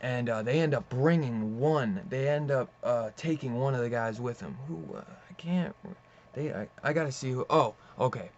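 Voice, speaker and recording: A young man casually reviewing a comic book, rambling and excitable, swearing and saying "dude" often. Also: medium pitch, normal speed. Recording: slightly dull lo-fi audio with faint hiss.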